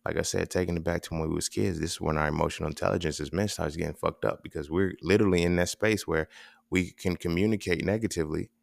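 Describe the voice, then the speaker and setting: A man's voice: low-pitched, fairly even intonation, fast talker, creaky, dry recording. A man hosting a podcast in a casual monologue, rambling and profane, checking in with "right?" between thoughts. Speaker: podcast host.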